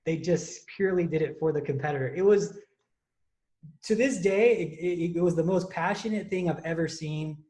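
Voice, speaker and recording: Podcast host, male, young adult, fairly high voice, animated and rambling. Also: moderate pace. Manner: animated storytelling, many fillers and restarts. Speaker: podcast host and contest prep coach. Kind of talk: casual chat.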